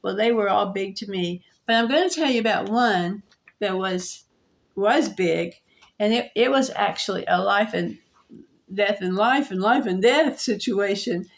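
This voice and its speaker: A woman vlogger telling a personal story in a halting way, with restarts and soft laughs. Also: mid-range voice, vocal fry.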